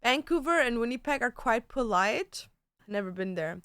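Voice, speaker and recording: A woman's voice: fairly high pitch, animated, moderate pace, a bit bright, clean tone, no echo, studio quality. A young woman chatting casually on a livestream, peppering her talk with "like" and swearing. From Germany. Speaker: streamer. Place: home.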